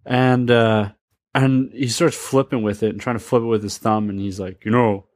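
A man's voice: medium pitch, level tone, normal speed, no room sound, clean studio sound. A man casually telling a funny story, laughing along and acting out the voices of the people in it. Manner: laughing, acts out quoted voices. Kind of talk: casual anecdote.

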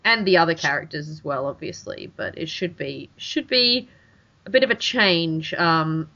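A woman's voice: sits low, lively intonation, moderate pace, vocal fry, bright, forceful tone. Chatty Australian woman on a lo-fi mic. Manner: chatty, many restarts and fillers. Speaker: podcast co-host. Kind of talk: casual chat. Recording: dull lo-fi recording.

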